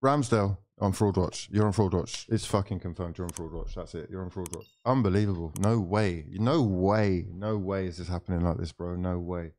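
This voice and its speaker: A man hosting a live football watchalong, reacting with loud, swearing outbursts. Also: sits low, normal speed, few pauses. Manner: excitable, swearing, shouting reactions.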